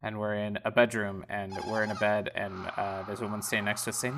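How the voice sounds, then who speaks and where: A man with a fairly low, level voice and vocal fry speaks fairly quickly while hosting a let's-play podcast. He chats casually and reads the game's dialogue aloud over a noisy background.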